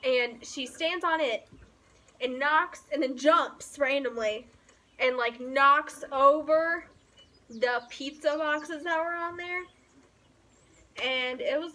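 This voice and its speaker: A young woman rambles in a casual vlog, her voice high and bright. She tells stories dramatically, breaking into giggles. She is recorded outdoors on a porch. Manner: animated storyteller, giggly and dramatic. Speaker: book vlogger.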